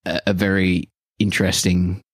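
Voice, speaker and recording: Chatty, teasing tabletop player. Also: male voice, sits low, level tone, normal speed, husky, no room sound, studio quality. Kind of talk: casual banter.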